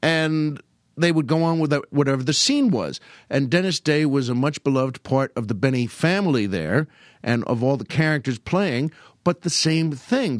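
A man's voice: dry recording, clean studio sound. An older man hosting a podcast, telling casual stories about old comedy and often slipping into put-on voices. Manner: animated, slips into high put-on voices quoting old comedians. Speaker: podcast host. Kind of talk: casual storytelling monologue.

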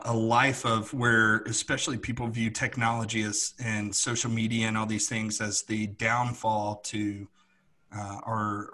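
Husky guy on a podcast, earnest, keeps restarting his sentences. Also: mid-range voice, a bit bright. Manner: earnest, reflective, many restarts. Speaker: podcast co-host. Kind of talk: casual conversation.

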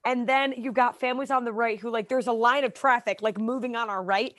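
Chatty young woman telling animated stories. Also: on the high side, fairly quick, no echo. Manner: animated storyteller, acts out quotes, laughs often. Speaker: guest. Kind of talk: casual chat.

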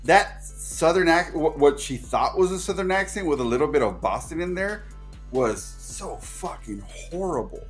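A man's voice: fairly high pitch, lively intonation, normal speed, soft background music. A man co-hosting a casual movie podcast, blunt and swearing as he criticizes performances. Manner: blunt, swears freely, vents about performances. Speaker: podcast co-host.

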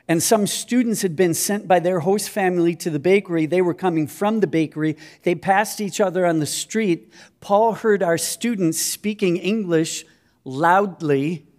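A Minnesota man in his fifties, speaking as a missionary, shares a personal testimony. His somewhat mellow voice sits a little high for a man, and he tells his story in an earnest, self-deprecating way.

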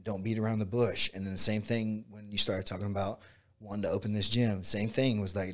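Low-voiced man, easygoing martial arts coach, loose chatty delivery. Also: brisk. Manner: relaxed, rambling, says "dude" and "like" a lot. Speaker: jiu-jitsu and MMA coach. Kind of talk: casual conversation.

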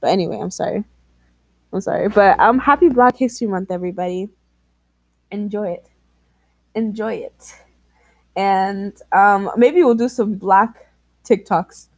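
A woman's voice: mid-range voice, a little slow, pauses often, no echo. Young woman podcaster, dry close sound. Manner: laughs often, exclaims "oh my God". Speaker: podcast co-host. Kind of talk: casual chat.

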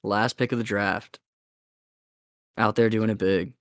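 A young man hosts a laid-back podcast, rambling through whatever comes to mind and laughing often. His voice sits a little low and the sound is dry and close, with no room around it. He swears casually and keeps it relaxed. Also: a little slow, no echo. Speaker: podcast host.

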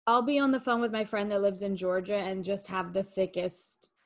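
A woman's voice: mid-range voice, steady tone, normal speed. A young woman co-hosting a podcast, playful and joking, with casual swearing. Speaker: podcast co-host.

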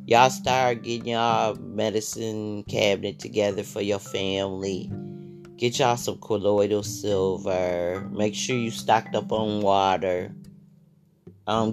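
Podcast guy rambling slow and blunt, cusses a lot, repeats stuff, little guitar in the back. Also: on the low side. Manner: blunt, profane, repeats phrases. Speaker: podcast host. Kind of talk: casual spiritual monologue.

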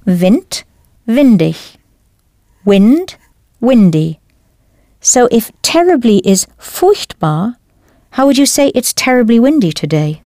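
A woman teaching a language lesson in a clear, careful scripted delivery, spelling out words as she goes. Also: a little high, sing-song, unhurried, dark tone, no echo, clean studio sound.

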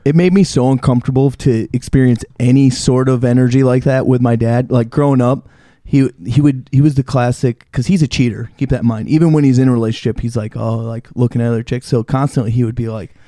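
A man's voice: mid-range voice, fairly even intonation, fast talker, mellow, no echo, clean studio sound. A young man co-hosting a podcast, telling rambling, candid stories in casual chat. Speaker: podcast co-host.

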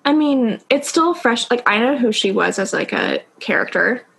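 A woman's voice: a little high, moderate pace, creaky, breathy edge, rough recording. Giggly young woman chatting. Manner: animated, giggly, many fillers. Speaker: podcast co-host. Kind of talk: casual chat about a book.

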